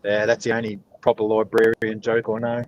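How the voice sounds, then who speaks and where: A man's voice: lowish voice, completely flat delivery, brisk, muffled recording, slight background noise. A man, telling jokes in a dry storytelling way during a casual livestream chat. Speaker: joke teller on a livestream chat.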